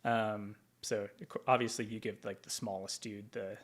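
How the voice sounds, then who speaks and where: A man's voice: lowish voice, fairly even intonation, moderate pace. A man from Tacoma, Washington, a veteran guest in an interview, telling stories casually with plenty of ums and likes. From Tacoma, Washington, USA. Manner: rambling, with frequent ums and likes.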